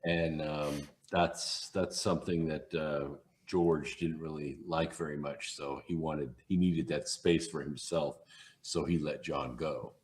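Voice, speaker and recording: Veteran radio man, low voice, assured storyteller, chatting on a podcast. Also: steady tone, slow. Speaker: radio host and guest. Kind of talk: casual podcast chat.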